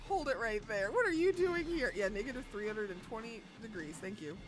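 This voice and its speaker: A young woman streaming a visual novel, reading the text aloud and breaking into loud, sweary outbursts. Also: fairly high pitch, a little fast, faint music behind. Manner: loud, excitable outbursts and swearing between calm narration.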